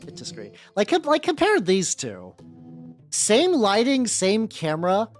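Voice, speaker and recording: A streamer talks loosely to a live chat while painting, rambling and restarting, full of "like". The pitch is mid-range but leaps around a lot. Faint background music plays beneath the voice. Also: wildly swooping pitch, measured pace. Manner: rambling, heavy use of 'like', frequent restarts. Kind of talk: casual livestream chat with viewers.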